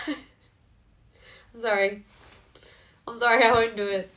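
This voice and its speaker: A woman's voice: a little high, fairly even intonation, slow, pauses often, fairly bright tone. A young woman whose first language is English, chatting casually on a phone live stream and answering viewer comments as she reads them aloud.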